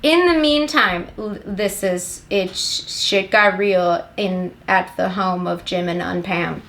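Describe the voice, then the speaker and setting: Bright-voiced sarcastic woman ranting. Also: medium pitch, takes it slowly, vocal fry. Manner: rambling, sarcastic, swears constantly. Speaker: movie recap comedian. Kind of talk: profane comedic plot recap.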